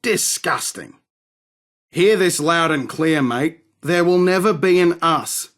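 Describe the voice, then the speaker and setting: A swaggering, foul-mouthed arms dealer. He talks in a slow, unhurried drawl, his voice sitting a little high for a man. Every line is sardonic and dismissive. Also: a bit bright. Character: cocky, crude male London arms dealer. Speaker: game character. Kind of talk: game voice acting.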